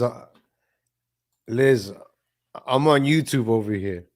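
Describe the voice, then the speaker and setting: A man's voice: mid-range voice, takes it slowly. A man in the middle range reacting to clips on a live stream. He is sarcastic and mocking, and he repeats his jabs.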